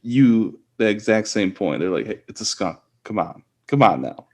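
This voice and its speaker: A young man co-hosting a comedy podcast, talking in a hesitant, skeptical, low-key way. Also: lively intonation, moderate pace, a little mellow. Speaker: podcast co-host. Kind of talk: casual comedic chat.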